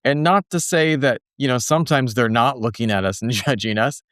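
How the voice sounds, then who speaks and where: A man's voice: mid-range voice, a little fast, fairly bright tone, dry recording, clean studio sound. A man hosting a podcast interview, laid-back and laughing often as he retells everyday moments. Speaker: podcast host. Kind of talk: conversational interview.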